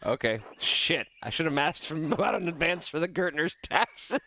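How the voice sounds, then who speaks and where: A man's voice: on the high side, sing-song, takes it slowly, pushed and bright. A man casually commenting while playing a video game, joking, swearing and laughing often. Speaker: gaming streamer. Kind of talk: casual let's-play commentary.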